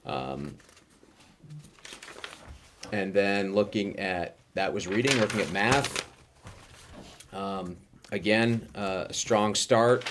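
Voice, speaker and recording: Very low-voiced man rushing through data. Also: a little hiss or hum. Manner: rushed, heavy with fillers and restarts. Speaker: school administrator presenting data. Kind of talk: meeting presentation. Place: school board meeting room.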